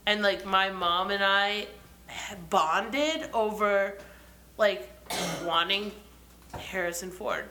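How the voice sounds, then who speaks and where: A young woman chatting casually as a podcast co-host, telling animated stories and acting out quotes. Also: mid-range voice, takes it slowly. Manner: animated storyteller, acts out quotes. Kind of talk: casual chat. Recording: echoey room.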